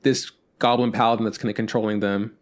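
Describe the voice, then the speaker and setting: A man's voice: on the low side, level tone, quick pace. A man co-hosting a podcast in casual chat, rambling and swearing, with many restarts. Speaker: podcast co-host.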